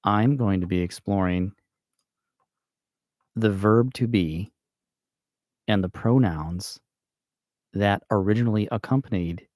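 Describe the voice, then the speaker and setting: American guy slowly thinking out loud about grammar, lowish voice, dry close sound. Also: dry recording. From United States. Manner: slow and thinking aloud, with fillers and self-corrections. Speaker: channel host. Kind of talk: casual grammar explainer livestream.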